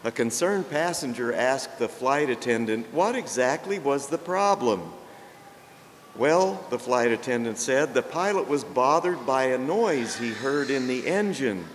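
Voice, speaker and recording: An older priest preaches a sermon laced with jokes, telling it slowly and gently like a story, his mid-range voice animated. The recording carries long reverb and faint background noise.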